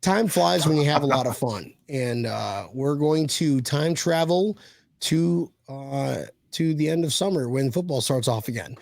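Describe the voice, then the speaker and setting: A man's voice: a little high, unhurried, gravelly, darkish tone, no room sound. A man hosting a casual sports fan chat, joking and laughing often. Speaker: podcast host.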